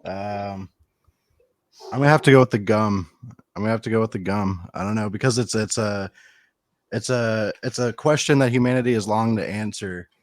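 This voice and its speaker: A man gives an offhand, hesitant answer during a podcast chat. His voice sits low and sounds dry and close. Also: moderate pace, no room sound. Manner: hesitant, indifferent. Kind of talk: casual group podcast chat.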